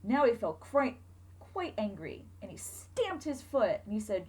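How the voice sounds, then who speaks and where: A woman teacher reading a picture book aloud to children, expressive and asking them questions along the way. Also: on the high side, unhurried, husky, low-quality recording.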